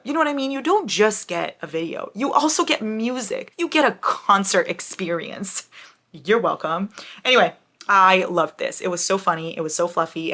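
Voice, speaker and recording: A woman's voice: on the low side, bright, forceful tone. A young woman chatting casually to camera about books, bubbly and dramatic, now and then breaking into song. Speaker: book vlogger.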